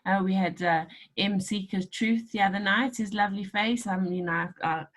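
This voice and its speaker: A woman's voice: mid-range voice, normal speed. A middle-aged woman hosting a podcast, chatting casually, laughing often and acting out bits of conversation. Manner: chatty, laughs often, acts out quoted dialogue. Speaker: podcast host. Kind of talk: casual chat.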